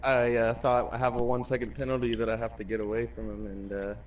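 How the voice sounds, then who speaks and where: Quiet man on muffled voice chat. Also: medium pitch, level tone, quick pace, slight background noise. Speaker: race driver. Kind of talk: post-race interview over voice chat.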